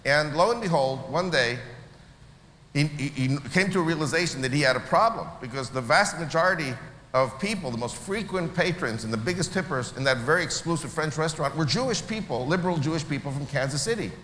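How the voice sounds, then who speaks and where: Israeli guy telling a story to a crowd, kinda high bright voice, roomy hall sound. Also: brisk. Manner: animated, acts out quoted voices. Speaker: speaker at a church meeting. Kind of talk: storytelling talk to an audience. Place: large hall. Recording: echoey hall with faint noise.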